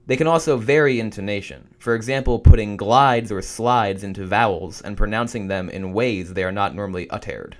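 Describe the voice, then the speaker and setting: A young man reading study notes aloud for a writing course, stumbling now and then and restarting. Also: lowish voice. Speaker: student making a study guide.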